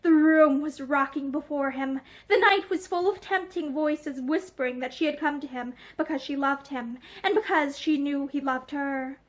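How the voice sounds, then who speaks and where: A woman reads a novel aloud in a steady, expressive voice, indoors in a room with bookshelves. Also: sits high, normal speed, hardly any pauses. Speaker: narrator.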